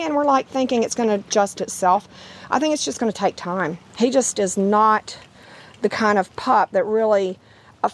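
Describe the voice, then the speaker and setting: A dog breeder with a mid-range voice, hoarse from laryngitis, rambles in a casual outdoor vlog from her yard, slipping into sing-song baby talk as she addresses her puppies.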